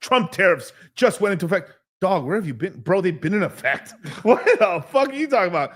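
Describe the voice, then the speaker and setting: A male live-stream host is hyped up, cracking jokes and swearing as he talks. His voice sits a bit high and moves lively up and down. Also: fairly quick. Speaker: livestream host. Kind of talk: casual live stream chat.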